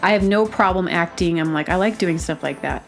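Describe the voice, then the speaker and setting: A woman's voice: lowish voice, a little fast, vocal fry, faint music behind. A woman from Arkansas hosting a podcast, talking in a chatty, rambling way with frequent laughs. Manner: chatty, digressive, laughs often. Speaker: podcast host; baker. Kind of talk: casual rambling monologue.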